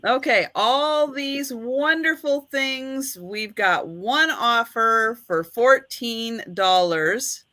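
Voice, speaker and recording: A woman's voice: on the high side, very slow, few pauses, pushed and bright, dry recording. A woman hosting a live online vintage sale, chatting and counting down bids like an auctioneer. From United States.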